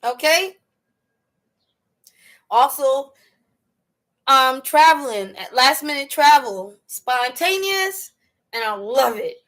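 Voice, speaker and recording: Woman, high voice, livestream host, casual storytelling, slangy, laughs a lot. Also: animated, slow, long pauses, fairly bright tone. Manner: laughs often while telling stories; slangy, chatty talk.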